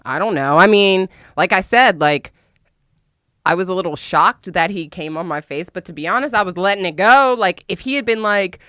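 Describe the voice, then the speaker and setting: A woman on the lower side, speaking at a moderate pace, hosts a podcast recorded in a clean, echo-free studio. Excitable and laughing often, she tells a story in a casual, profane way, with her voice jumping up as she vents.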